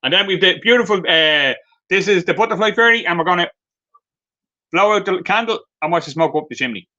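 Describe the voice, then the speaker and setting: A man's voice: high-pitched, expressive, fairly quick, pushed and bright, dull audio. An Irish man in a live video stream, a craft vendor showing off his handmade pieces and telling light-hearted stories, with many fillers. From Ireland. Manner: chatty storytelling with many fillers. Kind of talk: live product demonstration.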